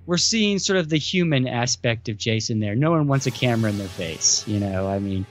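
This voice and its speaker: A man's voice: mid-range voice, expressive, fairly quick, soft background music. A man co-hosting a casual podcast, enthusiastic and upbeat as he recommends films. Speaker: podcast co-host. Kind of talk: casual chat.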